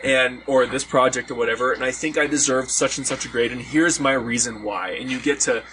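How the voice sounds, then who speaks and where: A man's voice: medium pitch, fairly quick. Man telling a story outdoors, noisy. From Hawaii. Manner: animated, acts out quoted voices. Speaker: podcast host telling a story. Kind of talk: casual storytelling among friends. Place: outdoors around a fire at a party. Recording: outdoor party gathering with background noise.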